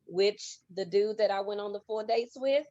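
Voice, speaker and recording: A woman on a panel discussion, talking with emphatic, animated storytelling. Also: medium pitch, moderate pace, no echo, highs cut off.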